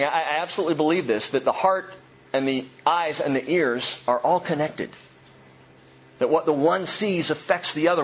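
A man preaching in an earnest, emphatic way, leaning on rhetorical questions. His voice sits a little high and sounds husky. The recording is dull and lo-fi. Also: a bit bright. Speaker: pastor. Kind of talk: sermon.

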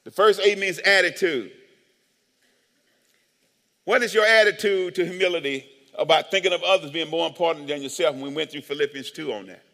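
Male pastor, high and bright, animated joking sermon delivery, long church reverb. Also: a little fast, creaky. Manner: animated, joking, calls for amens. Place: church sanctuary.

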